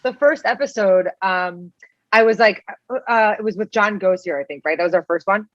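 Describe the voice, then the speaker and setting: A woman's voice: mid-range voice, moderate pace, a bit bright, no room sound, dull audio. A woman co-hosting a podcast, chatty and upbeat, with many "like"s and "um"s. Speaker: podcast co-host. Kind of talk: casual interview chat.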